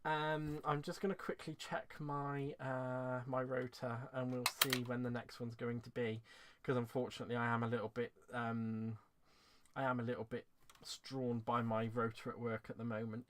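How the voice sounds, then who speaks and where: Close to tears, a craft channel host from England rambles warmly through the end of his live stream, laughing as he restarts. He talks at a moderate pace in a medium-pitched, slightly bright voice that barely moves in pitch.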